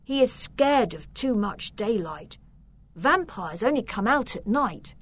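A woman's voice: fairly high pitch, lively intonation, slow pace, breathy edge, heavily acted. A woman voicing a brave young boy in a storybook reading, speaking earnestly.

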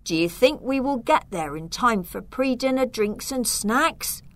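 A woman's voice: on the high side, lively intonation, measured pace, fairly bright tone. A woman reading aloud voicing a worried young boy who asks anxious questions in a storybook.

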